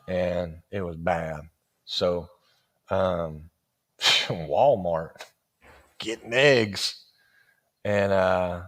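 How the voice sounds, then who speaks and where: Middle-aged man, casual sermon storyteller, animated, laughs a lot. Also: on the low side. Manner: animated, acts out quoted voices, laughs often. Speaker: church speaker telling a personal story.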